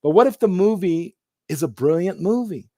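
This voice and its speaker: A man hosting a live stream talks in a loose, rambling way, doubling back and restarting his sentences as he greets people in the chat. His voice sits a little high for a man, and the sound is dry and close to the mic. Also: lively intonation, normal speed, dark tone, no room sound.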